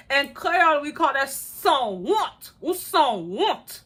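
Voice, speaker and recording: Woman vlogger, bright voice, sassy and animated, laughs a lot, casual chat. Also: high-pitched, a little slow. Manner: animated and sassy, acting out quotes; laughs often while talking. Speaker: YouTuber reviewing a reality dating show.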